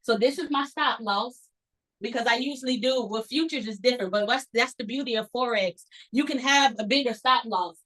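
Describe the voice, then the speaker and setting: A woman speaking leads a trading lesson in a loose, animated way. Her voice sits high and sounds bright. She keeps slipping into little acted-out quotes of her past self. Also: a little fast, rough recording. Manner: animated, acts out her own past thoughts. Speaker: trading instructor. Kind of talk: casual teaching talk.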